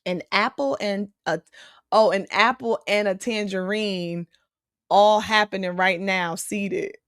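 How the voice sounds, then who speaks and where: A woman's voice: medium pitch, takes it slowly, a bit bright, smooth, no room sound. Chatty woman host, close dry mic. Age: adult. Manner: chatty, reads out viewer comments and reacts. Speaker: host reading live chat. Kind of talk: casual live-stream chat.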